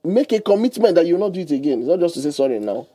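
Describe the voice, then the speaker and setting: A man, giving lively advice as a guest on a radio talk show, explaining with everyday examples and laughing often. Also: on the high side, racing, a crowd in the background. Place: radio studio.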